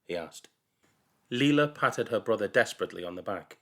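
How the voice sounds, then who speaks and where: A man reading a children's novel aloud with expressive storytelling. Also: fairly low pitch, fairly quick. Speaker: reader.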